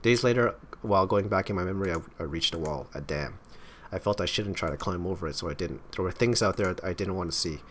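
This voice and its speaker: A man's voice: low voice, quick pace, a little hiss or hum. A man playing through a game, narrating its text and commenting in a casual, stumbling way with wry asides, his throat strained from talking. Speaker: gaming YouTuber.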